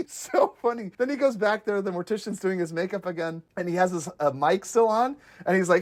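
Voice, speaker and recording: This is a casual podcast host recapping favorite scenes, laughing often as they go. The delivery rambles, full of fillers and restarts, with constant eager enthusiasm. The voice sits at an ordinary middle pitch. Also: normal speed. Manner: rambling, many fillers and self-corrections. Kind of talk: casual chat recapping a comedy series.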